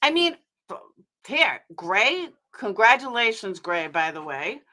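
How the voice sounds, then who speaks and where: A woman's voice: medium pitch, sing-song, unhurried, sharp tone. A woman hosting a casual live stream, talking bluntly, swearing freely and rambling as she vents to her viewers. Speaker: livestream host.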